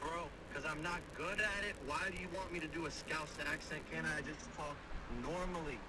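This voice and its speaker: A man's voice: on the high side, steady tone, moderate pace, pushed and bright. An AI voice clone of a cocky young male boxer, boasting in casual slang, played from a phone speaker. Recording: distant, noisy phone playback.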